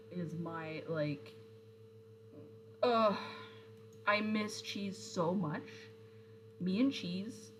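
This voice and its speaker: A woman's voice: lowish voice, a little hiss or hum, poor audio. A young woman streamer in casual chat, rambling with lots of fillers and answering viewer comments. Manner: rambling, chatty, with frequent fillers and self-corrections.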